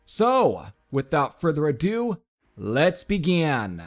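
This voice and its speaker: A man giving a casual spoken review of a metal album, chatting to his viewers as folks and filling pauses with uh. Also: a little high, big pitch swings, faint music behind. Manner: chatty, addresses viewers as folks, frequent fillers.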